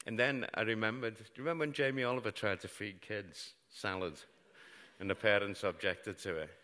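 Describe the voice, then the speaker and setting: On stage in a large hall, a middle-aged man from Britain recounts a true story for a live audience, finding dry, self-deprecating humour in dark events. He speaks British English in a lowish voice that is steady, pushed and bright, moving a little fast. The hall's long reverb carries through the recording.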